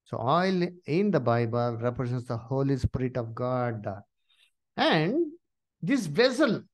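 A man teaching a Bible study, asking his listeners questions and filling pauses with "uh" and "you see.". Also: medium pitch, very animated.

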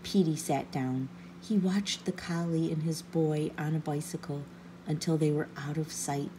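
A woman reading a children's picture book aloud with gentle, expressive narration. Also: deep voice, unhurried, slight background noise. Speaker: children's story reader. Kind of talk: storybook read-aloud.

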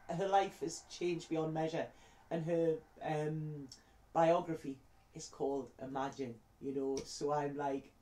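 A woman's voice: medium pitch, warm tone. Chatty woman, echoey room. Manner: heartfelt, chatty, repeats words. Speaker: psychic tarot reader. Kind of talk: emotional storytelling to camera.

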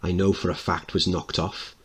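A man's voice: low-pitched, little pitch movement, normal speed, slightly rough, exaggerated voice. A man reading a play aloud, singing the part of a brash, hopeful working-class mother. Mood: singing dreamy. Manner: sings loud and bold, puts on a posh voice.

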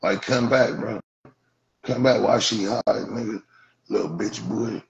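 A man's voice: lowish voice, fairly even intonation, unhurried, gravelly. A man hosting a livestream with a Los Angeles Black English accent, mocking callers in a profane roast, saying "blood" over and over. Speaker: livestream host. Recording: dull lo-fi stream audio.

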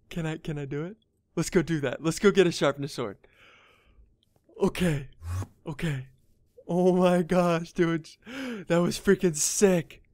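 Young man, gameplay commentary, excitable, mutters then yells, dry close sound. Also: fairly high pitch, dry recording. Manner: excitable, swings from muttering to yelling. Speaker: gaming YouTuber.

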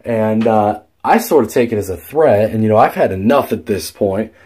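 A man's voice: fairly low pitch, normal speed, a little mellow, husky. A young man telling a story in a casual vlog, rambling with many fillers and restarts and swearing freely. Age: young adult. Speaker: vlogger.

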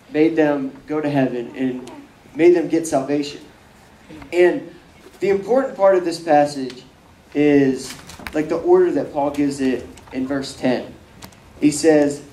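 A young man leads a casual bible study in a mellow, dark voice, speaking loosely with fillers and acting out quotes. He sounds a bit away from the mic in an echoey room with faint ambience around him. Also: a little high, far from the mic, a little hiss or hum. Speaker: youth bible teacher.

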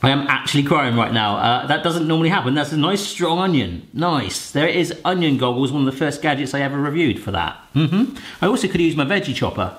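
Jokey man with a lively voice. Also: fairly high pitch, a little fast. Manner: chatty and jokey, rambling asides. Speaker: cooking vlogger. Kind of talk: casual cooking vlog. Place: home kitchen.

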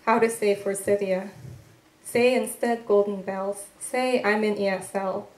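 Woman poet from Korea, poetry reading, even and flat delivery, roomy event hall. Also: medium pitch. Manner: measured, deliberate recitation with pauses between lines; soft, tentative asides between poems. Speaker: poet reading her work. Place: event room at a literary venue. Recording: echoey live event room.

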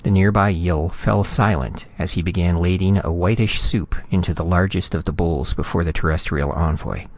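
A man narrating a science fiction story in a steady, measured reading. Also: sits low, no echo. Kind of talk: scripted audiobook narration.

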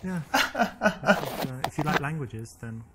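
A man's voice: on the high side, sing-song, takes it slowly, very noisy. A man with a British accent voicing a smug, boastful character in a dating game, bragging and teasing his date. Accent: British English. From England. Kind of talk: scripted game dialogue.

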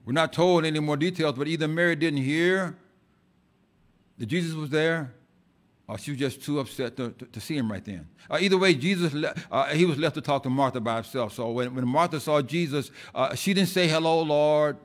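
With a voice a little high and a little fast, a male pastor delivers a fervent church sermon. Loud outbursts give way to hushed asides, and he frequently repeats his words.

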